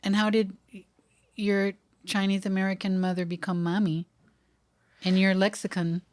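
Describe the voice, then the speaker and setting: A woman's voice: medium pitch, level tone, normal speed, darkish tone, no echo. A woman from Puerto Rico hosting an interview, asking curious, probing questions. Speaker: podcast host.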